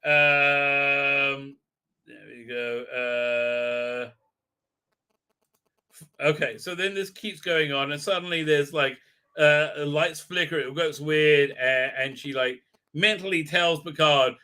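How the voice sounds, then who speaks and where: A man hosting a live stream, talking loosely and irreverently through a recap. His voice is sharp and bright and sits a bit high. He fills every pause with ums and uhs. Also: smooth. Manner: rambling, filler-heavy, irreverent. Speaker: show host.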